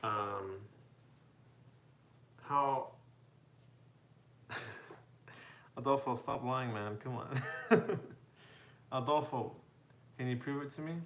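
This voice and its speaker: A man from the United States chatting casually as a live streamer, reading out viewer comments and answering them in a relaxed way, often laughing and calling people "bro" and "man". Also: mid-range voice, very slow, long pauses. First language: bilingual with Spanish, parents from Mexico. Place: home room.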